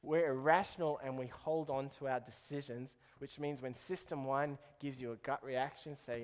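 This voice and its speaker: A man's voice: mid-range voice, normal speed, few pauses, long reverb tail. A man giving a playful live talk to an audience, quizzing them as he goes. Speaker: keynote speaker.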